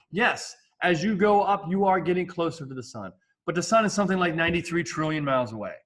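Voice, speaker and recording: A man's voice: fairly high pitch, a bit bright. A male science teacher giving a casual, jokey classroom lecture with asides.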